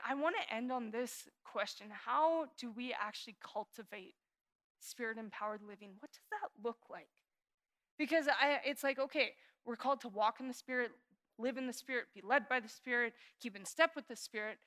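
A woman pastor in her thirties preaching a sermon in an earnest, confessional way, dropping to hushed prayer and then rising into animated emphasis. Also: on the high side, moderate pace.

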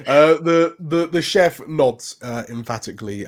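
A man's voice: on the high side, expressive, a little slow, hardly any pauses. A man narrating a tabletop game as game master, hesitant, with many fillers and restarts.

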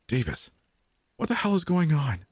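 A man voicing a frightened young woman in a storybook horror reading, high and pleading. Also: animated, normal speed, no room sound, clean studio sound. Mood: terrified.

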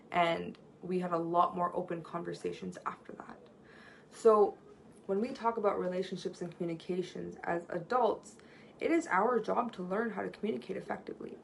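A woman's voice: mid-range voice, creaky, fairly bright tone, slight background noise, poor audio. A woman giving a conversational seminar on communication, telling stories earnestly from home and often checking in with "right?". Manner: earnest, storytelling, frequent "right?" tag questions. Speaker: workshop presenter on communication. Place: at home near a street.

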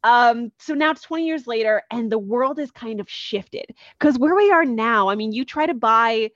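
A woman with a slightly high voice speaks at a moderate pace, energetically and casually recounting a comic book story on a podcast while acting out the characters. The recording is muffled, with no echo.

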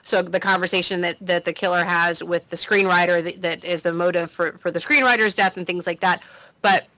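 Woman cohost, kinda hesitant, lots of ums, bright voice, dry close sound. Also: fairly low pitch, steady tone, fairly quick, no echo, rough recording. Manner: hesitant, thinking aloud. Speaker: podcast co-host. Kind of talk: casual discussion.

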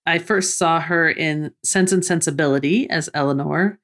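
Low-voiced woman going through cast lists. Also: moderate pace, fairly bright tone. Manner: reads cast lists, laughs often. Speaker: podcast co-host. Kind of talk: casual chat about films.

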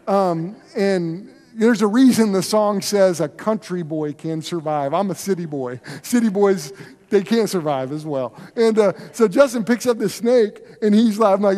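A man preaching a sermon as pastor, telling stories in an animated, conversational way. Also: high voice, moderate pace. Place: church sanctuary. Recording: long reverb of a large hall.

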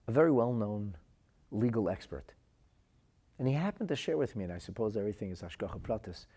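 A man's voice: fairly low pitch, a little mellow, slightly rough. A man giving a spoken religious lesson, telling stories earnestly and often repeating his words. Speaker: Torah teacher.

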